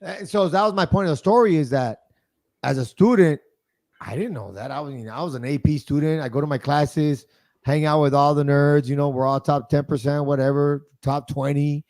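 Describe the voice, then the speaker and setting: A man in his forties hosting a podcast, telling a story in lively, casual chat that often starts with "hey". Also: a little high, fairly quick. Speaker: podcast host.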